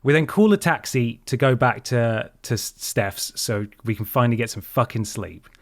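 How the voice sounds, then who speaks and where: A man's voice: mid-range voice, animated, normal speed, no room sound. Podcast host guy telling a story, swears loads, dry close sound. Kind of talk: casual chat, storytelling.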